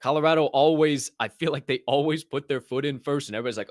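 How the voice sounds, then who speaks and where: Animated joking male podcast host. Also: on the high side, fast, no echo, studio quality. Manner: animated, joking, swears and rants. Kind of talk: energetic news rundown.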